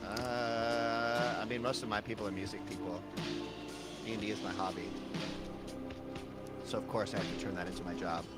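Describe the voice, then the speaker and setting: A laid-back man chats casually on a stream in slangy talk. Music plays clearly behind him. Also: lowish voice, little pitch movement, moderate pace, long pauses, poor audio. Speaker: co-host, streamer. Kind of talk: casual chat.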